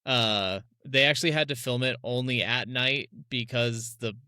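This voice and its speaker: Bright-voiced, laughing podcast man. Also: mid-range voice, moderate pace, smooth, no room sound, clean studio sound. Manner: laughs a lot, bubbly and chatty. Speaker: podcast co-host. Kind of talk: casual podcast chat.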